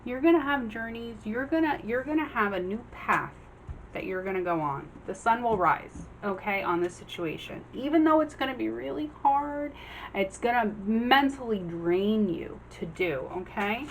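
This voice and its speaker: A woman's voice: on the high side, expressive, a little hiss or hum, low-quality recording. Chatty woman tarot reader. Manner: chatty, acts out the cards' figures in quick quoted voices. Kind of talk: casual general tarot reading.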